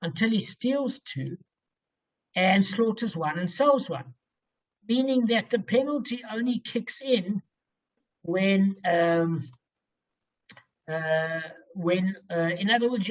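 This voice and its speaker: A man's voice: high-pitched, muffled recording. A man teaching a Talmud passage, working through the reasoning step by step and often checking in with "okay?". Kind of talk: explaining a Talmud text aloud.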